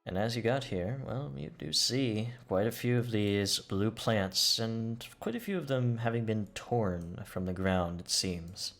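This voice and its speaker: A man narrating as game master in a tabletop game, relaxed and descriptive with casual fillers. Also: fairly low pitch, a little slow, few pauses, soft background music.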